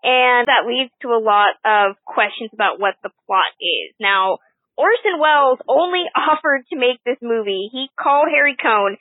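A woman co-hosting a casual film podcast, opinionated and animated, laughing often as she picks apart a movie. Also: on the high side, normal speed, no echo. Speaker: film discussion co-host. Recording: tinny phone-like line, dry.

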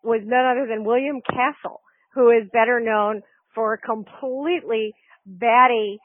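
Measured woman critic on a tinny line. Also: on the high side, fairly even intonation, no echo. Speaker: film discussion co-host. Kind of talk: casual film podcast chat. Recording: tinny phone-like line, dry.

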